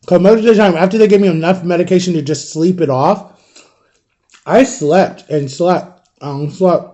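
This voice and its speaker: Man in his thirties, casual vlog storytelling, rambling with lots of fillers, slightly high mellow voice. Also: normal speed. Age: 30s. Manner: rambling, filler-heavy, addresses viewers as guys. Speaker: vlogger. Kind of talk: casual storytelling while eating.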